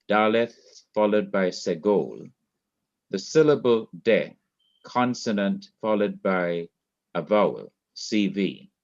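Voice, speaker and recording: A man teaching a Hebrew grammar class, explaining slowly and repeating key points. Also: on the low side, a little mellow, highs cut off. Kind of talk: online classroom lecture. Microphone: laptop mic.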